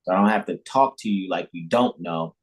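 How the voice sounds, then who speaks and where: Husky low-voiced man lecturing emphatically. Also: fairly quick, rough recording. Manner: emphatic, repetitive, lecturing with frequent restarts and chuckles; mimics imagined listeners in high mocking voices. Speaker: spiritual teacher hosting a devotional livestream. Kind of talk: informal spiritual lecture.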